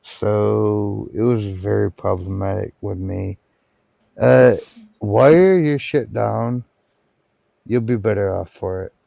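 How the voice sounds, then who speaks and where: A man's voice: lowish voice, slow pace, gravelly, dark tone, no echo, dull audio. A man hosting a casual livestream chat, rambling and sardonic, with frequent swearing.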